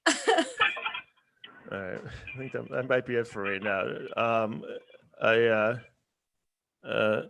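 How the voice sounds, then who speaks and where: A man doing a stand-up set over a video call, with a halting delivery full of ums and restarts. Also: on the low side, steady tone, creaky, fairly bright tone, slight background noise. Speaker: stand-up comedian. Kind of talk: stand-up set on an online live show.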